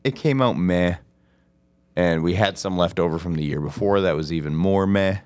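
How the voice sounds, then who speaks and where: A man with a very low, deep voice tells stories in a loose, profane, laid-back way. The sound is dry and close, with no room around it. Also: normal speed, darkish tone, clear, resonant tone, no room sound. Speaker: podcast co-host. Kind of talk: casual chat.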